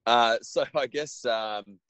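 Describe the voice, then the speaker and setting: A man's voice: mid-range voice, takes it slowly, a bit bright, dry recording. A man around forty, a basketball coach, speaking as an interview guest in a friendly way with easy laughter. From Australia. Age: 40s. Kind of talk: interview conversation. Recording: dry, muffled remote line.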